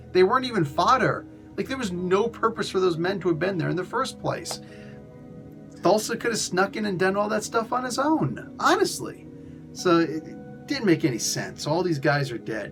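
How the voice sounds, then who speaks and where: A man's voice: fairly high pitch, gravelly. A man reviewing a comic book in casual chat, retelling the plot with exasperated sarcasm and many fillers.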